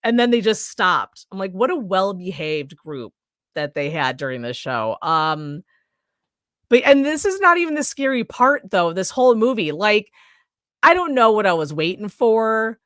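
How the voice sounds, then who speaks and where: This podcast co-host has a mid-range, very animated voice with a fairly bright tone, speaking at normal speed in clean studio sound with no echo. In a casual movie review chat, she rambles through a recap of a horror movie, swearing freely and acting out characters' lines in quoted voices.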